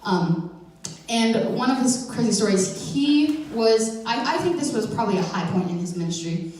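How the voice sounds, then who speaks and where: A woman's voice: a little high, animated, normal speed, a little mellow, a little hiss or hum. Young woman, casual church talk, playful and rambling, distant mic in a very echoey hall. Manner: chatty and playful, many fillers and self-corrections. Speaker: youth speaker giving a church message. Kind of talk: informal sermon.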